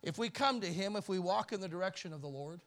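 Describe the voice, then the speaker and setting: A man preaching a sermon in church as pastor, swinging from loud emphasis to near-whispered pleading. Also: high-pitched, expressive, fast talker. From Canada.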